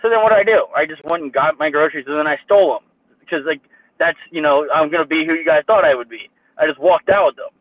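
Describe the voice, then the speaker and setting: A young man tells a rambling story packed with swearing and fillers, his voice set a little high. The sound is thin and boxy, like a phone line, with no room around it. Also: fast, dry recording. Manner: profane, rambling, filler-heavy. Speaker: co-host. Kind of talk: casual chat, storytelling. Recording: tinny phone-like line, dry.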